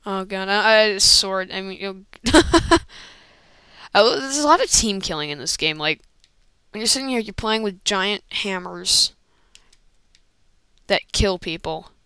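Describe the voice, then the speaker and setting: Excitable woman gamer, slow-talking and dry. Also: mid-range voice, clear, resonant tone, no room sound. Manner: excitable, rambling, frequent exclamations and laughs. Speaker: gamer commentating own play. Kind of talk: casual gameplay commentary. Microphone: old computer microphone.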